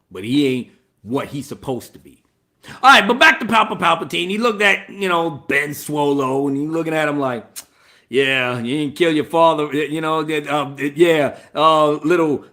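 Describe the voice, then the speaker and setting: A man giving a casual, profane spoiler movie review, talking in an animated way and laughing often. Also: mid-range voice.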